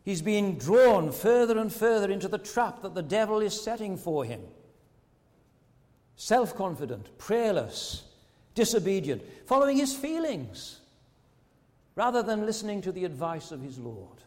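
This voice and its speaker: Earnest preacher guy giving a sermon, kinda high voice, lots of rhetorical questions, big echoey church. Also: very animated, a little slow, darkish tone.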